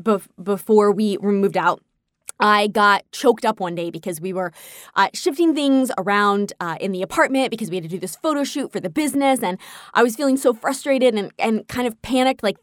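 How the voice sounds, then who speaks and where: A woman talking casually about her own life, candid and animated, often breaking into laughs as she acts out her own past reactions. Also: medium pitch, moderate pace, no echo, studio quality. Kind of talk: casual personal storytelling.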